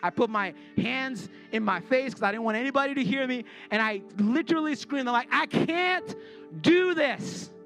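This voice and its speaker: Man pastor, forties, high voice, earnest confessional sermon, faint music under it. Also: fairly quick, few pauses, fairly bright tone. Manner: earnest and confessional, repeats words when worked up. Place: church sanctuary before a congregation.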